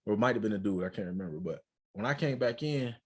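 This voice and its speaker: A man from Michigan, a podcast co-host, telling a story in casual, profane and animated chat. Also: lowish voice, fast talker, slightly rough. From Port Huron, Michigan.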